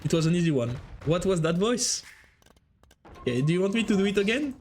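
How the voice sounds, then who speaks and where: A man giving live esports commentary, excitable and joking as he jumps between calling the play and chatting with viewers. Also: sits high, a little fast, slight background noise. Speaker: esports caster.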